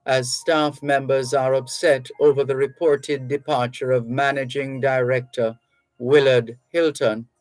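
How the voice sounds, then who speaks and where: A man hosting a radio talk show, reading listener messages aloud in a measured, reflective way. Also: medium pitch, no room sound, rough recording. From Jamaica. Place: radio studio. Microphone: studio microphone.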